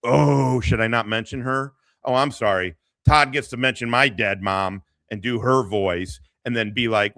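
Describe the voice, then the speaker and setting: A man's voice: fairly low pitch, moderate pace, bright, forceful tone, dry recording. A man hosting a livestream, ranting in a crude, mocking way and laughing often. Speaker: streamer host. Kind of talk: profane casual livestream rant.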